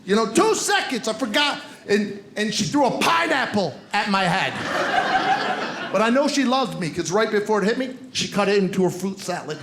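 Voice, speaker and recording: A man's voice: sits high, big pitch swings, moderate pace, very noisy. A man doing stand-up comedy, teasing the crowd and talking straight to the audience. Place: comedy club stage with live audience. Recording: roomy live venue with audience laughter.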